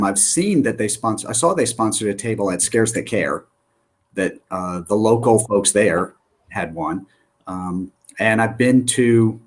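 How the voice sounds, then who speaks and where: A man as a guest author on a casual podcast, easygoing and low-key, often restarting his sentences.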